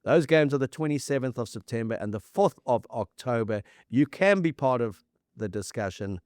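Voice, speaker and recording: South African male podcast co-host, mid-pitched, eager stat-heavy sports chat, dry close mic. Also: animated, moderate pace, darkish tone, clean tone, no room sound. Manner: enthusiastic, lists stats, frequent restarts.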